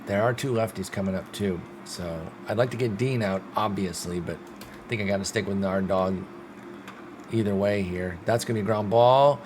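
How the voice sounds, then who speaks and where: A young man with a fairly low voice narrates his baseball sim game like a play-by-play announcer. He lurches between sulky, muttered frustration and loud excited outbursts, swearing along the way. A steady wash of background noise sits under his voice. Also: normal speed. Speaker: gaming streamer.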